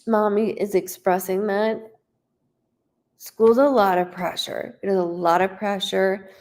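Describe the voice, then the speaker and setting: A woman's voice: on the low side, gravelly. A woman in her thirties giving a live psychic reading, chatty and rambling as she relays messages. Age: 30s. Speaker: psychic medium.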